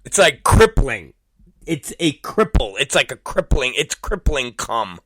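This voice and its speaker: A man in his forties hosting a talk show, telling a crude story with repeated words and sudden shouted exclamations. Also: medium pitch, very animated, a little slow, no room sound. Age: 40s. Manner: vulgar, repetitive, bursts into shouted exclamations. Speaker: podcast host. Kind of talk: crude comedic monologue.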